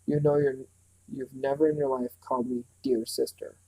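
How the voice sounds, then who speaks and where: A man's voice: medium pitch, flat delivery, moderate pace, dark tone, dry recording, natural voice, low-quality recording. A man reading as a stubborn, fierce teenage girl. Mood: defiant.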